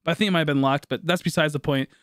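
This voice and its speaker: A man's voice: fairly high pitch, steady tone, racing, a bit bright, no echo, studio quality. A man in his late twenties, a streamer rambling through a funny story, laughing often and swearing casually.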